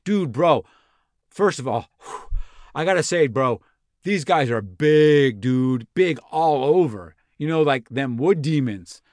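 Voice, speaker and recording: The same comic bit has a man playing a young Roman envoy as a rambling, cursing, slang-loving bro, breathless with excitement. His pitch runs on the high side, and the delivery is animated yet slow with a darkish tone. The recording is dry and studio quality.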